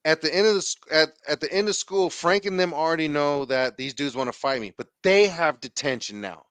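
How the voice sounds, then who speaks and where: Guy telling a wild story, lots of slang and swearing, slightly higher voice, super dry sound. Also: brisk, clear, resonant tone, no echo. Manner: slangy, profane, animated retelling with acted quotes. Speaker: podcast guest. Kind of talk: casual storytelling.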